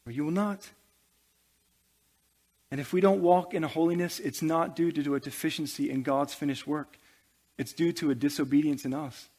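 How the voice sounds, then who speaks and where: A man's voice: on the high side, fairly even intonation, moderate pace, long pauses, a little mellow. A male pastor preaching a sermon to his church, building intensity with humorous asides.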